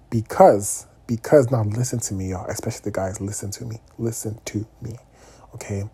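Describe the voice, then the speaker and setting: A young man talking casually to his viewers, candid and animated, often checking in with "okay?" asides. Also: fairly low pitch, normal speed, husky. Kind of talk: casual vlog monologue.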